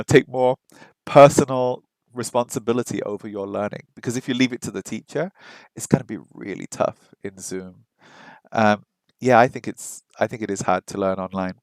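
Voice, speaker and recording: A man's voice: medium pitch, creaky, no room sound, rough recording. A man hosting a casual live stream, rambling and chatting with viewers, with frequent ums and restarts. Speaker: live-stream host learning a language.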